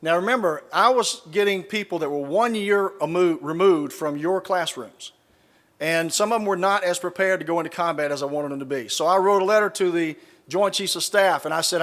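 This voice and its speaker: A man's voice: sits high, a little fast, fairly bright tone. Middle-aged Southern man, dry storyteller, on stage in a big echoing hall. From Southern United States. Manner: folksy storytelling with dry punchlines. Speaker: keynote speaker. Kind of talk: speech with humorous anecdotes. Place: large conference hall, live audience. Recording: reverberant hall.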